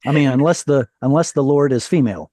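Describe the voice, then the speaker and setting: A man's voice: medium pitch, fast talker, mellow, dry recording, clean studio sound. A man teaching a Hebrew reading class over a video call, explaining patiently, quizzing his students and correcting himself as he goes.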